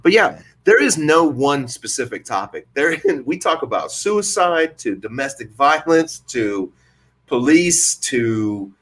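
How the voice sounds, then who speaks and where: A man's voice: medium pitch, sing-song, takes it slowly, fairly bright tone. A man hosting a podcast in casual chat, laid-back and profane, laughing often. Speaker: podcast host.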